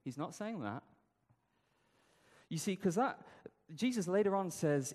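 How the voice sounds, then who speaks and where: A man's voice: on the high side, sing-song, moderate pace, pauses often, a little mellow, long reverb tail. A man preaching a sermon, telling the story conversationally with rhetorical questions.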